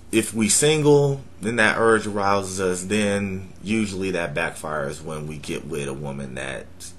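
Young guy vlogging, blunt and cussing, low voice, slow, lots of ups and downs. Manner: blunt, profane, joking. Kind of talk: casual talk to camera.

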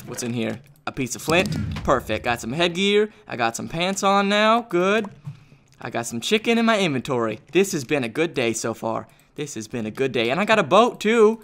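Excitable young man narrating his gameplay. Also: a little high, normal speed. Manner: excitable, jokey, shouts often. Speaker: gaming YouTuber. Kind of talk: playing and narrating a video game.

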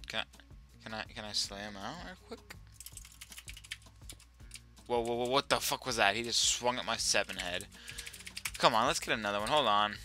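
A young man giving profane, excitable commentary while playing as a server admin, often repeating himself. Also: lowish voice, brisk, long pauses, soft background music. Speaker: Minecraft server admin streamer. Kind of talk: gameplay commentary while recording.

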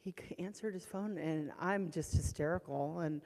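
A woman's voice: on the low side, moderate pace, a little mellow. A woman sharing a personal testimony in church, retelling past panic with strong emotion. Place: church hall. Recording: long church hall reverb.

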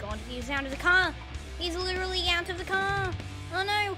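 A woman giving casual, excitable commentary over her gameplay, often exclaiming and laughing. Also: very high voice, moderate pace, music in the background. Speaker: gaming channel host.

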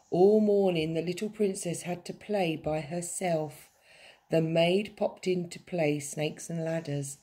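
A woman teacher reading a children's story aloud with expressive storytelling. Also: lowish voice, measured pace, husky.

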